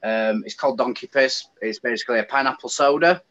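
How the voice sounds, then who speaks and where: A man from the UK speaks briskly at medium pitch in an English accent while chatting casually as a guest. Animated and ranting with feeling, he comes through in dull, lo-fi audio.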